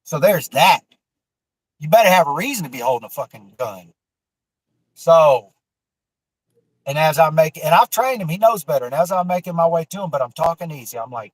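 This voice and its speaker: A man's voice: fairly high pitch, lively intonation, normal speed, long pauses, dry recording, rough recording. Man, storytelling guest, loose and profane, lots of restarts, dry close sound. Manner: rambling, profane, many fillers and restarts. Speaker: guest telling a personal story. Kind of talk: casual storytelling on a livestream.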